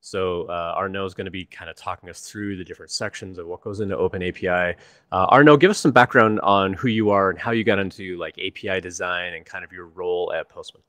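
This man from the United States, a developer advocate, hosts a live stream over a video call, chatting casually and in a friendly way with plenty of fillers. His voice sits low, a bit bright, and moves at a quick pace in a dry recording.

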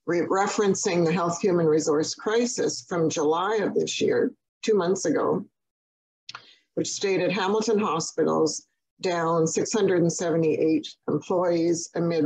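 A woman giving a prepared webinar presentation on healthcare quality, speaking in a measured, deliberate way with occasional restarts. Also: on the low side, a little mellow, breathy edge, rough recording.

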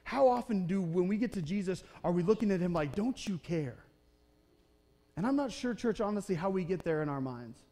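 A man with a high voice preaches a sermon in a church sanctuary. His delivery is casual and chatty. He keeps asking the congregation "okay?" and "right?" as he retells the story. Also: expressive, quick pace, few pauses, mellow. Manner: conversational preaching, often checking in with "okay? right?"; acts out the Bible characters' voices in short quotes. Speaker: pastor.

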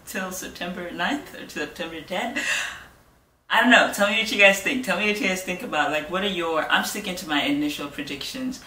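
A young woman hosting a reaction video, chatting excitedly and gushing over what she watches. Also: fairly low pitch, brisk, recorded from a distance, slight background noise. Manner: gushing, exclaims often, chatty asides. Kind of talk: excited casual reaction chat. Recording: echoey room, voice off-mic, loud music. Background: music from the video.

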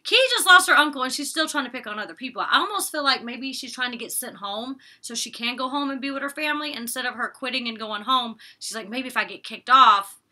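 A young woman talks straight to camera in a loose, opinionated vlog recap. Her voice is very bright and a little high. She swears casually and slips into quick impressions of the people she is talking about. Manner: chatty and opinionated, recaps scenes with quoted lines, curses casually. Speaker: reality show reviewer.

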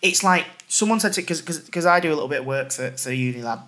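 A male podcast host chats casually in a bright, forward voice. He rambles, stacking repeated words while he hunts for his point. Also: a little high, expressive, fast. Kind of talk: casual chat.

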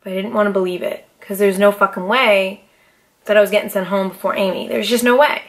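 A young woman hosting a podcast, telling a story in a casual, profane and animated way, with dramatic outbursts. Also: medium pitch, a little fast. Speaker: podcast host.

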